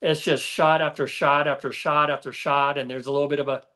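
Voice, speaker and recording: A middle-aged man guesting on a casual podcast speaks with a fairly high male voice. He rambles along loosely, stacking fillers and restarting his thoughts as he remembers. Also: flat delivery, a little fast, pushed and bright. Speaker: guest, former motocross racer.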